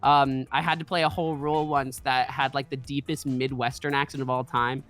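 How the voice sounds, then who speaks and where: A woman's voice: rumbling low, level tone, fairly quick, a bit bright, faint music behind. A woman streaming a game, chatting in a rambling, self-deprecating way. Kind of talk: casual let's-play chat.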